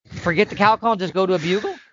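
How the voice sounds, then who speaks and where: A man explaining elk calling tactics in casual podcast talk, emphatic and animated, sometimes acting out the calls. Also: high-pitched, quick pace, slightly rough, no echo, muffled recording. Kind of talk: instructional podcast chat.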